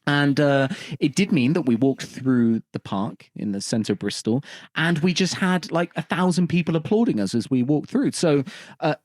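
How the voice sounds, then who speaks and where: A man's voice: on the high side, animated, moderate pace. A man co-hosting a podcast, rambling through a comic story and laughing often. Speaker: podcast co-host. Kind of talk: casual comedic chat.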